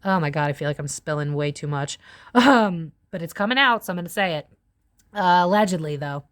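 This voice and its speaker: A woman in her thirties giving a casual psychic tarot reading, chatty and full of fillers, her pitch swinging up and down as she talks. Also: animated, brisk. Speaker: tarot reader.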